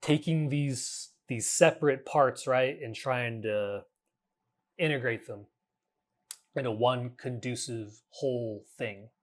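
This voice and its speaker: A man in his thirties, speaking at a middle pitch, hosts a reflective solo podcast. He talks earnestly and haltingly, often restarting his sentences and dropping casual curses. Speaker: podcast host.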